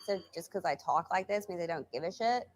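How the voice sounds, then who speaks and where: An actress playing a sullen young female barista who talks in a drawling vocal fry, heard from a noisy played-back clip. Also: lowish voice, brisk, natural voice. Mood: drawling defensive. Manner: flat, drawling, defensive.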